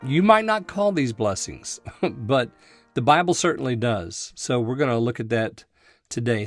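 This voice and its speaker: A man's voice: mid-range voice, no echo, clean studio sound. A man giving a folksy, conversational Bible teaching on a radio show, thinking aloud and chuckling now and then.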